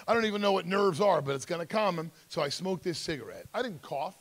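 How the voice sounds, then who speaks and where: Middle-aged man, gravelly and slightly high-pitched, speaker at a school seminar, intense personal storytelling. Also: expressive, normal speed. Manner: acts out quoted voices, emphatic, intense.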